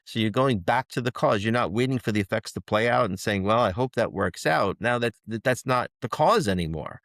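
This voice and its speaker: A man's voice: mid-range voice, lively intonation, a little fast, a bit bright, no room sound, clean studio sound. A man co-hosting a spiritual podcast, teaching in a repetitive, mantra-like way. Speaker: podcast co-host.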